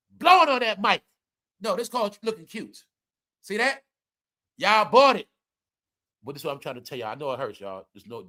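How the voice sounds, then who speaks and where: A man delivering loud, profane celebrity commentary, scolding his viewers and hammering the same points over and over. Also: on the high side. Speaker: commentary vlogger.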